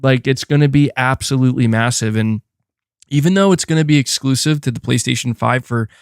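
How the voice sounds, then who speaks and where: A man hosting a casual gaming live stream, reading and answering super chats in a chatty, animated way with frequent fillers. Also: medium pitch, brisk, creaky, clean tone, no room sound, studio quality. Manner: chatty and animated, thanks donors, frequent fillers and self-corrections. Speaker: gaming channel host.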